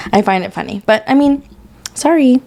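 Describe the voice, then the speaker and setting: A woman's voice: a little high, unhurried, creaky, dark tone. A woman co-hosting a podcast, chatting and gossiping casually with lots of "like" fillers. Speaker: podcast co-host. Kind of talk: casual chat.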